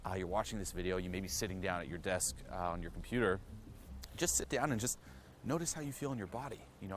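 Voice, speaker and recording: Speaking directly to the viewer, this man candidly shares personal stories as a self-improvement vlogger. His fairly low voice is earnest and profane, full of "you know" fillers, with a little hiss or hum underneath.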